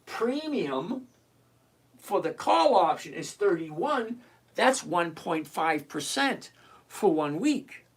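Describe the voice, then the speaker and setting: Chatty options-trading livestream host. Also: mid-range voice. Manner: animated, repetitive, chatty and direct. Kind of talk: live stream, reading out and answering chat questions.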